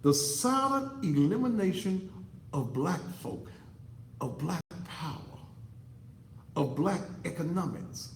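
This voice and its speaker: A man's voice: on the high side, animated, takes it slowly, pauses often, roomy sound, a little hiss or hum, low-quality recording. A man delivering a fiery, preachy commentary monologue to camera as an online talk show host, repeating himself for emphasis. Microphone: computer setup facing a monitor.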